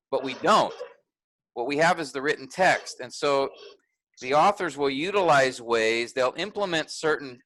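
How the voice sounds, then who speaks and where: A man's voice: medium pitch, fairly bright tone, dry recording, rough recording. A man teaching a graduate workshop in a conversational way, thinking aloud with restarts and fillers.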